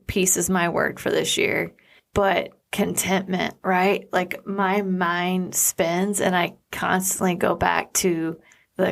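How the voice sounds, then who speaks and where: A woman's voice: on the low side, gravelly. A woman co-hosting a podcast, speaking in an earnest, reflective way and often searching for her words. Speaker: podcast co-host. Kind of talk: casual chat.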